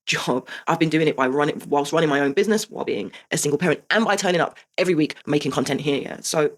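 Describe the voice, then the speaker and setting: Fast-talking woman venting. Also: low-pitched. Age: 40s. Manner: emphatic and heartfelt, swears, asks rhetorical "right?". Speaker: host. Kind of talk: personal confessional monologue.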